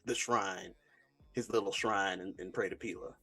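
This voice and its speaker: A man with a fairly low voice narrates his character in an online tabletop game. He talks with hesitations and laughs often. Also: steady tone, normal speed, sharp tone, faint music behind. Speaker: player. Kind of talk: playing a tabletop game over a call.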